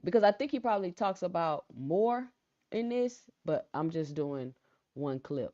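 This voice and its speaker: A woman hosting a casual live stream who chats with viewers, reads out their comments and often repeats her phrases in a calm, low-key way. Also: measured pace, dry recording. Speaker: livestream host. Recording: dull lo-fi sound, dry.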